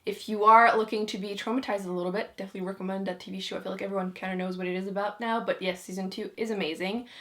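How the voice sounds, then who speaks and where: A young woman chatting casually to camera about her monthly favorites, giggling often and filling pauses with "uh" and "like". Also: medium pitch, steady tone, a bit bright. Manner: chatty, giggly, many fillers. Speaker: beauty vlogger.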